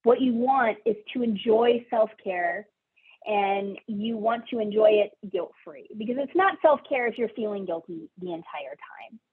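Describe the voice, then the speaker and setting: A woman's voice: medium pitch, animated, measured pace. A woman social worker presenting a webinar, talking in a conversational way with fillers and light laughs. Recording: husky voice over a tinny phone-like line.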